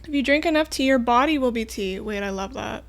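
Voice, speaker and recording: Gravelly-voiced woman streaming a game. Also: a little high, expressive, a little fast. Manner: chatty, self-mocking, talks to herself. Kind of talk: casual gameplay commentary.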